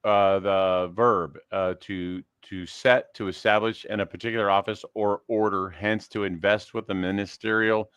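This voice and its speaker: A man with a low, smooth, resonant voice reads old dictionary entries aloud. He halts and stumbles over the harder words, and the sound is close and dry. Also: little pitch movement, fairly bright tone, dry recording. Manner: hesitant, halting reading. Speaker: co-host.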